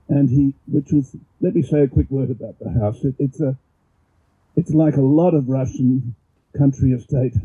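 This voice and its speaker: A man giving an informal explanatory talk and reading poetry aloud, halting and often repeating words as he goes, measured when he reads verse. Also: medium pitch, mellow, breathy edge. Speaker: presenter. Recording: dull lo-fi recording.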